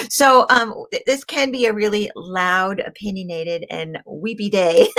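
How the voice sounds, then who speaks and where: A woman's voice: medium pitch, moderate pace, fairly bright tone. A woman hosting a crystal healing show, talking in a rambling, chatty way and laughing often. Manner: frequent ums and restarts. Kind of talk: casual live-stream talk.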